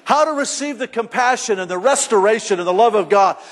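A middle-aged pastor delivers his sermon in a church sanctuary, his voice sitting high for a man. He talks conversationally, then presses his points with emphatic bursts and occasional shouts. A long hall reverb hangs behind every line. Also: animated, a little fast.

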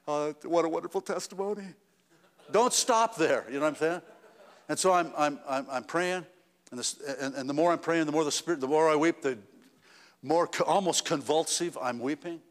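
A man's voice: fairly high pitch, big-room sound. A man preaching a sermon in a church, talking conversationally with restarts and rising to emphatic peaks. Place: church sanctuary.

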